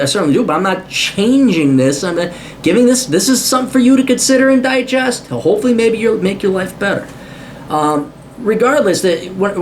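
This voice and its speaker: A man with a somewhat high voice delivers an unscripted opinion rant straight to camera. He is combative and sarcastic, swears freely, and trips over repeated words as he restarts his sentences. A faint hiss runs underneath. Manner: blunt and combative, with frequent cursing; stammers and restarts mid-sentence. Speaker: video commentator.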